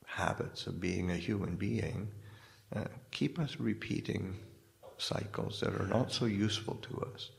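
A man, a Buddhist monk, giving a dharma talk in a halting way, often restarting and searching for words. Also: lowish voice, gravelly. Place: hall in a spiritual society.

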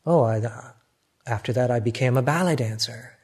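An older man with an American accent, a Buddhist monk giving a reflective, gently self-mocking dharma talk. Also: medium pitch, normal speed, slightly rough. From United States.

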